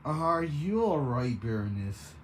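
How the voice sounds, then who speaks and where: A woman voicing a bewildered man who shouts in alarm at his transforming friend. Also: very deep voice, big pitch swings, takes it slowly, slight background noise, heavily acted. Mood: concerned.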